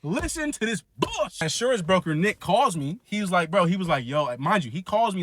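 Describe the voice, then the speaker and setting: A man's voice: sits high, big pitch swings, brisk, hardly any pauses, a bit bright, slight background noise. A man on a podcast, telling a long story in casual chat, acting out a phone call and swearing freely. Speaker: podcast co-host.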